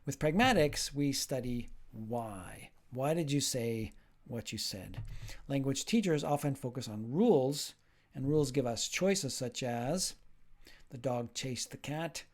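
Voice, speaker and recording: A man at an ordinary middle pitch gives a recorded lecture as a linguistics professor. He explains each point patiently and step by step, and acts out the example exchanges he uses. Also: takes it slowly.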